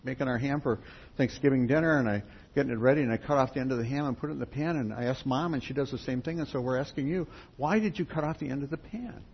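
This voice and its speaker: A man voicing a puzzled, earnest young newlywed wife who talks in a rushed way with rising questions. The sound is dull and lo-fi with faint noise. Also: mid-range voice, pitched above the performer's own voice, close to an everyday voice.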